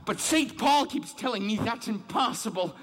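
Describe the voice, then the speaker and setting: A man's voice: extremely high pitch, lively intonation, moderate pace, a bit bright, heavily acted. An actor playing a devout, troubled man who reads scripture aloud and keeps questioning his own guilt and faith. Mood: yearning. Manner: questioning, searching, self-doubting. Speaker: man reading scripture alone. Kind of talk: dramatic monologue.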